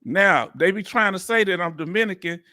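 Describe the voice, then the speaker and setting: This host of a veterans live chat is a Southern-accented Texan in his fifties who chats folksily through viewer comments on a casual stream. He speaks briskly in a high-pitched, sharp voice. The dry, studio-quality recording has faint music behind it.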